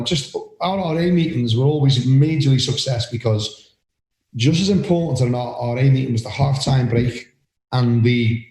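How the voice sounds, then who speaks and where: Older Scouse bloke, loud and rambling, mellow tone, roomy podcast mic. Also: male voice, medium pitch. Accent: Liverpool (Scouse). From Liverpool, England. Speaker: podcast co-host, referee. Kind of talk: casual chat.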